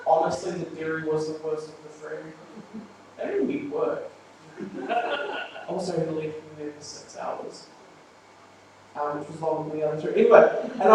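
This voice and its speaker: A man performing a live stand-up set, rambling through his stories in a deadpan way with plenty of ums. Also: on the high side, normal speed, pauses often, background noise. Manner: deadpan, rambling storytelling with filler words. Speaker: stand-up comedian. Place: small live venue with audience. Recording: rough, echoey room recording from a distance. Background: audience laughter.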